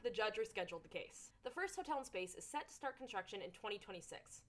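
A young woman hosting a scripted commentary show, talking in an animated, sarcastic way. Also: mid-range voice, fast. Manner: animated, sarcastic, puts on silly voices for jokes. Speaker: host.

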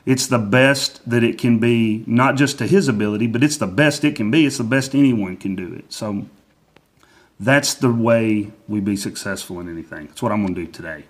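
Husky man giving folksy motivational talk. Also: on the low side, normal speed. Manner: repetitive, folksy, many fillers. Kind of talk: casual motivational monologue.

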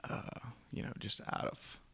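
A man's voice: normal speed, pushed and bright. A man co-hosting a podcast, playfully answering quiz questions. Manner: playful, speaks of himself in third person, buzzes in. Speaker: podcast co-host, quiz contestant. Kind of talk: casual podcast banter.

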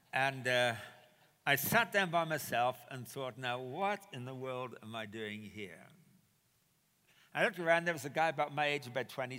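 A man telling a personal story in a sermon, animated and acting out the quoted dialogue. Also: medium pitch. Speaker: preacher. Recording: reverberant hall.

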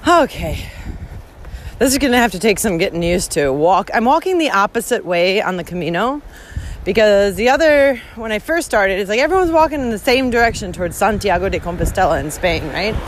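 A woman's voice: mid-range voice, lively intonation, a little fast, poor audio. A woman podcast host walking along a village road outdoors, giving an emphatic, heavily profane reflective monologue. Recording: windy outdoor recording with background noise. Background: wind and outdoor ambience.

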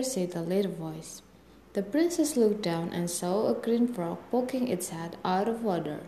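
Woman, storybook reading, gentle steady narration, mellow tone, echoey room. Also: lowish voice, measured pace, creaky, a little hiss or hum. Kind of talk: storybook read-aloud narration. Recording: echoey room with faint ambience.

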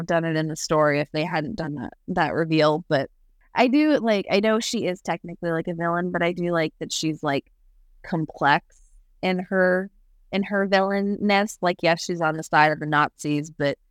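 A woman's voice: low-pitched, dry recording, clean studio sound. Chatty woman podcast co-host. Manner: chatty, laughs often, acts out quotes. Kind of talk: casual chat about a movie.

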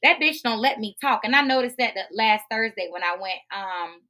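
A woman with speech patterns rants bluntly through a personal story, her voice bright and forceful. She swears freely and swings from low grumbles to loud outbursts. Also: animated, moderate pace. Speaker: podcast host. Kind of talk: unfiltered storytime rant.

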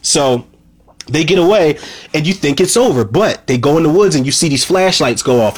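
A man's voice: on the high side, expressive, brisk, slight background noise. A man casually recapping a movie scene by scene, rambling and swearing freely, with lots of "you know" and "man". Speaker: movie reviewer.

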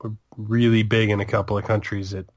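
A man's voice: lowish voice, flat delivery, a little fast, no room sound. A man co-hosting a podcast, laid-back and wry, with short, sarcastic replies. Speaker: podcast co-host. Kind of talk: casual chat.

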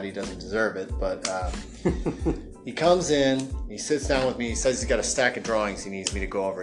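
A man co-hosting a podcast, telling a long workplace story in casual chat and often acting out the people in it. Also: fairly low pitch. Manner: animated storyteller who mimics customers in raised voices. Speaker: podcast co-host.

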